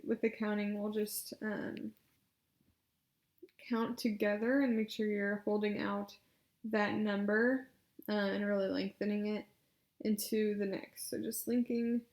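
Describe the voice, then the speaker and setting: A woman leading speech exercises, coaching patiently with encouragement and loud spoken demonstrations. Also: fairly high pitch. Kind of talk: guided exercise instruction. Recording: echoey room.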